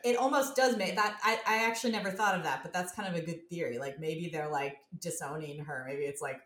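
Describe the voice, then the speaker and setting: A woman's voice: fairly low pitch, a little fast, fairly bright tone. A woman in casual chat reacting to a trailer, enthusiastic and speculative. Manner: enthusiastic, speculative, laughs easily. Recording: echoey room.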